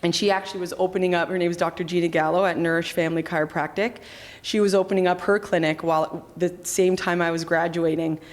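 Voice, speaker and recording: A woman's voice: lowish voice, fairly even intonation, fast talker. A woman in her thirties, a chiropractor, talking casually in an interview, chatty, with many fillers and restarts. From Canada. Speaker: chiropractor and clinic founder.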